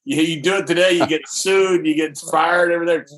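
A man's voice: fairly high pitch, fairly even intonation, a little fast, fairly bright tone, rough recording. A man hosting a podcast, telling a story and laughing mid-story. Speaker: podcast host. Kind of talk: casual storytelling.

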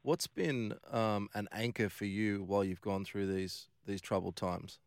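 A male podcast host asking interview questions in a soft-spoken way that trails off quietly. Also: lowish voice, steady tone, a little slow, clear, resonant tone, no room sound, studio quality.

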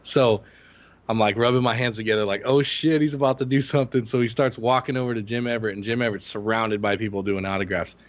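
A man on a sports podcast spins a profane, animated story in casual banter. His voice sits mid-range and close, with a dry, dull, slightly muffled sound and no room echo. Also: medium pitch, fast talker. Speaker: podcast co-host. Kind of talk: casual chat.

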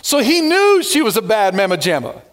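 A male pastor delivering an animated sermon in a high voice. He reads scripture, tells stories and drops playful jokes along the way. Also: normal speed. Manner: lively, animated preaching with joking asides.

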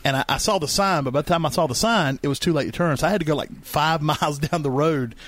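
A man's voice: fairly high pitch, fast talker. A man co-hosting a podcast in casual chat, telling stories and acting out what his friends said. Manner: animated storyteller, acts out friends' lines. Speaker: podcast co-host.

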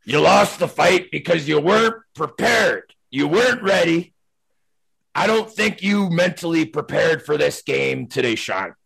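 A man doing an impression of a gruff older male hockey coach who lectures bluntly in a loud, stern voice. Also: fairly high pitch, lively intonation, a little slow, full character voice, low-quality recording.

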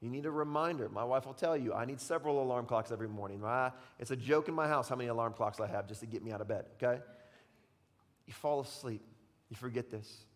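A man preaching in a church sanctuary with a mid-range voice, the words ringing out in a long hall reverb. He tells the story dramatically, swinging from quiet, intimate moments to loud, excited bursts. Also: mid-range voice, quick pace. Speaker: pastor. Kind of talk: sermon.

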